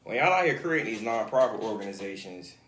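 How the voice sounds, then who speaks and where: A man speaking as a guest on a casual talk show, animated and earnest, with frequent restarts and "you know". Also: fairly low pitch, fast. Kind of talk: casual chat. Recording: echoey room, faint noise.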